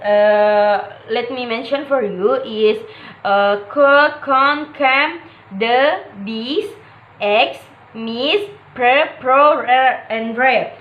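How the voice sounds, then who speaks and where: A woman, a non-native English speaker whose first language is Malay, gives a classroom presentation on word stress, filling pauses with "okay" and "uh" and repeating each example word. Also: fairly high pitch, highs cut off. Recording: echoey room.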